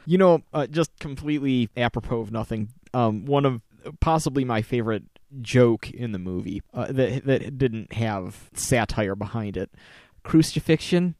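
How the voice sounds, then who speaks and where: A man's voice: mid-range voice, normal speed, hardly any pauses, a little mellow, no echo. A man co-hosting a casual chat, joking around and quoting comedy lines. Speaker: podcast co-host.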